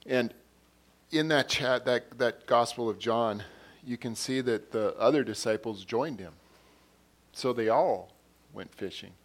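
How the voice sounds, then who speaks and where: A man preaching a sermon in a conversational way, retelling scenes with quoted dialogue and often repeating and restarting words. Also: medium pitch. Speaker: pastor.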